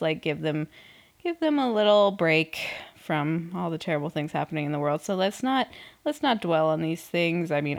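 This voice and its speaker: A woman's voice: lowish voice, creaky. A woman hosting a podcast alone, talking casually without editing, rambling, swearing and poking fun at herself as she loses her train of thought. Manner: rambling, swears, self-deprecating, restarts often. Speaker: podcast host. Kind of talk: unedited casual podcast monologue.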